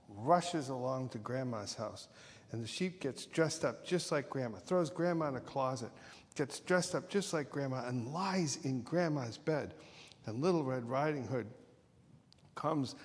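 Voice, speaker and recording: A male minister telling a playful story in a sermon, often correcting himself along the way. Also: medium pitch. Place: church sanctuary. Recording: long reverb of a church hall.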